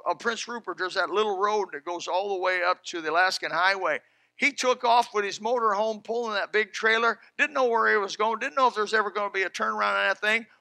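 A man preaching a sermon in a folksy, fervent way, dropping to a hush and then rising loud. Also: sits high, dry recording. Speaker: pastor.

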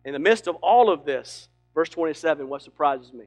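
A man preaching a sermon with emphatic delivery that swings between loud and hushed. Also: high voice, sing-song, quick pace, hardly any pauses, faint music behind. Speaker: pastor.

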